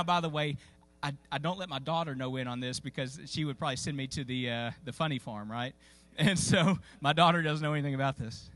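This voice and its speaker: His voice a little high and fairly bright, a pastor preaches from a church sanctuary. He spins a story in a homespun, conversational manner, full of fillers and restarts.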